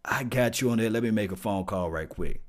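A man's voice: on the low side, a little fast, close to an everyday voice. A man voicing a chatty, generous older male team owner in a mocking impression during a live stream. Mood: expansive.

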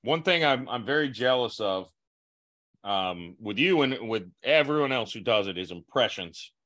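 A young man hosts a podcast in loose, casual conversation. His voice sits at an ordinary middle pitch, and he keeps restarting his sentences before landing on a self-deprecating joke. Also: animated, normal speed, pushed and bright. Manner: restless, many restarts and self-mocking asides. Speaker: podcast host. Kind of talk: casual chat.

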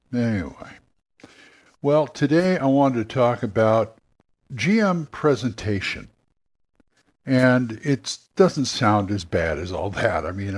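An older man, a game master and former radio worker, talking casually and rambling, often acting out quick voices. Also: on the low side.

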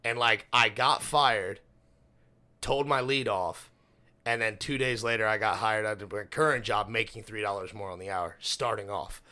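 A man's voice: fairly low pitch, normal speed, pushed and bright. A young man co-hosting a podcast, telling a work story bluntly and swearing freely in casual chat. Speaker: podcast co-host.

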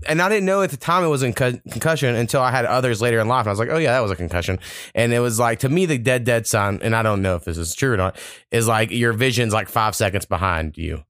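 A man's voice: medium pitch, fairly bright tone, no echo, studio quality. A young man, hosting a casual podcast and telling long, profane, rambling stories. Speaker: podcast host.

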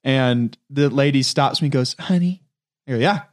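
A man's voice: medium pitch, fairly even intonation, moderate pace. Guy telling a funny story in a casual chat, laughs a lot, medium voice. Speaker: podcast co-host.

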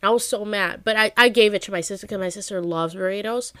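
A woman's voice: medium pitch, fast, sharp tone, smooth, no echo, studio quality. A woman co-hosting a podcast, telling stories in casual chat, with lots of "like" and frequent swearing. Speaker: podcast co-host.

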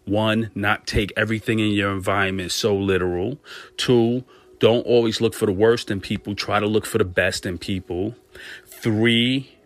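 A man's voice: fairly low pitch, no room sound. A man giving an earnest motivational monologue on stress and self-care, speaking straight to his listeners and repeating phrases for emphasis. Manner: earnest, preachy, direct address.

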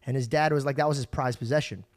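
A man hosting a podcast, telling long stories in a casual, animated way and acting out other people's lines. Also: mid-range voice, quick pace, no echo, studio quality. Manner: animated, acts out quoted voices, swears freely. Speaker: podcast host. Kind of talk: casual storytelling chat.

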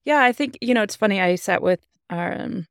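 Woman in her 30s, co-host, low gravelly voice, dry close mic. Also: lively intonation, fairly quick, no echo. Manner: warm agreeing interjections, reflective. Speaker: pastor and podcast co-host. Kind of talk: casual theological chat.

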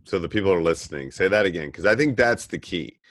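Very deep-voiced man with a dry sound. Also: lively intonation, fast, dry recording. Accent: Northern US. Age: middle-aged. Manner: eager, jumps in, repeats himself. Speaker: podcast host and basketball coach. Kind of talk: casual podcast interview.

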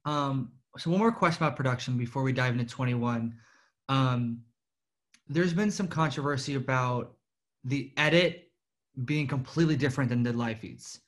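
A man's voice: medium pitch, normal speed. A man hosting an interview, asking long questions with many hesitations.

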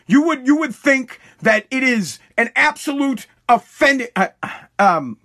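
A man's voice: extremely high pitch, lively intonation, unhurried, a bit bright. A man telling a casual story bluntly, full of swearing and restarts. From Massachusetts.

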